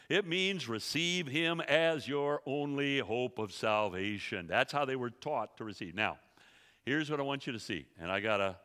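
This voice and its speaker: A man teaching a sermon to a church audience, emphatic and quick, asking the room rhetorical questions. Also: medium pitch, sharp tone, long reverb tail. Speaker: Bible teacher. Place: church sanctuary.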